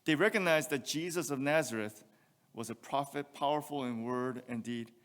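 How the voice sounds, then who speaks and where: A man's voice: mid-range voice, normal speed, a bit bright, in a large hall. A male pastor preaching a sermon, reading scripture aloud and asking rhetorical questions. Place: church sanctuary.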